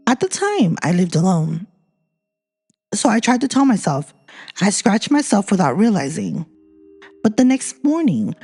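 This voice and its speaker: A woman's voice: mid-range voice, warm tone, husky. Woman host reading ghost stories. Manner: reads listener ghost stories, breaks into chatty asides. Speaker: podcast host. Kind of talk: casual storytelling podcast.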